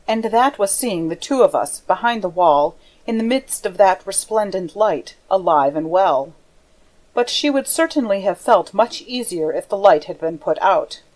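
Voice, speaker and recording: A woman reads classic audiobook narration, her voice at an ordinary middle pitch. The delivery is measured and expressive. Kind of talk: scripted narration.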